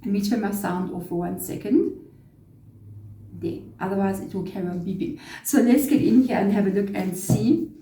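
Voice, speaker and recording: A woman's voice: mid-range voice, normal speed, mellow, reverberant. A woman giving a casual tarot reading to camera, chatty and relaying spirit messages. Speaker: tarot reader.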